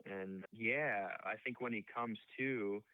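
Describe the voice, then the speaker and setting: A man's voice: lowish voice, takes it slowly, dry recording. A man co-hosting a podcast, adding plot details in casual chat and checking facts as he goes. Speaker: podcast co-host. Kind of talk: casual movie recap chat. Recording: dry tinny phone-like sound.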